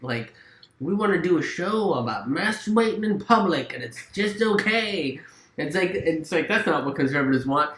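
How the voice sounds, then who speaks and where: Lively rambling man in an echoey room. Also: normal speed. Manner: rambling, swinging up and down in pitch. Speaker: podcast co-host. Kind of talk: casual chat.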